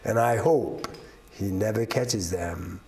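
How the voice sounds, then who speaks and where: A man telling a folktale as a guest storyteller, rhythmic and repetitive, building excitement. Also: on the low side, slow pace, distant mic.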